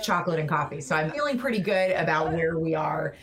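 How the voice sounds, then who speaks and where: A woman's voice: low voice, animated, brisk, few pauses. A woman founder talking in an earnest, reflective way as an interview guest, laughing easily. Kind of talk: conversational interview.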